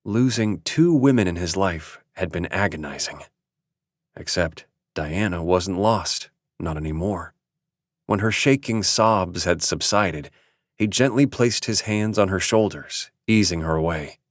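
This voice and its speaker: A man narrates an audiobook in a measured, even storytelling manner. His voice sits low. The sound is close and dry. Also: no room sound. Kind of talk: scripted narration.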